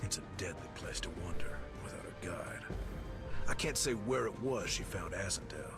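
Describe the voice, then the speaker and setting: An actor with a playing a weary, condemned outlaw who narrates a game's story in a slow, grim, hushed way. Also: male voice, low voice, expressive. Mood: storytelling. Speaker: game narrator. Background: loud game music.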